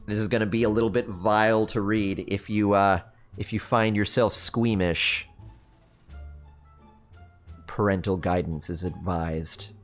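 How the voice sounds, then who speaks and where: A man's voice: on the low side, fairly even intonation, measured pace, pauses often. A man hosting a livestream, reading a spooky choose-your-own-adventure book aloud in a theatrical, playful way with joking asides. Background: faint background music.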